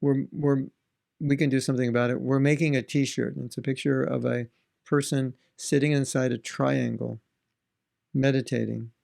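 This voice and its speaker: Man, spiritual teacher, devotional talk, earnest, conversational, gravelly voice. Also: medium pitch, little pitch movement, normal speed, darkish tone. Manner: earnest, conversational, asks rhetorical questions.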